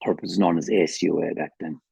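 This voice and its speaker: A man's voice: low voice, steady tone, fast, vocal fry, warm tone, husky, no room sound, poor audio. An older man with an Irish accent gives a candid, emotional personal testimony at a recovery meeting, swearing freely, over a video call. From Ireland.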